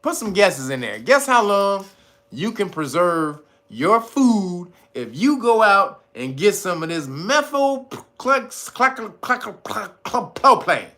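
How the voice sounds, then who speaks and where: A man hosting a casual livestream, talking straight to his viewers in a profane, animated way, laughing often and reading out chat guesses. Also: high voice, slow. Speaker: host.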